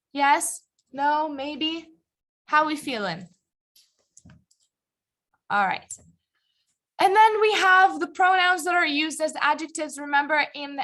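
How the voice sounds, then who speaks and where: A woman with a high, slightly bright voice leads an English grammar class live and online as an ESL teacher. She is encouraging and patient, checking understanding often with questions to the class.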